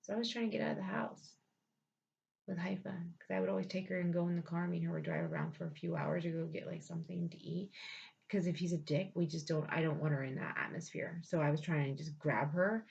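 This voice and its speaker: A woman's voice: on the low side, animated, quick pace, vocal fry, a little mellow. A woman recounting her own life story in a blunt, profane, emphatic way. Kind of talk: personal storytelling. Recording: dull lo-fi recording.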